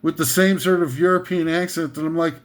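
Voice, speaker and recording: A man's voice: a little high, fairly even intonation, a little fast. A man hosting a comedic countdown, ranting sarcastically in a rambling way with many hesitations and fillers. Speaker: comedic list host.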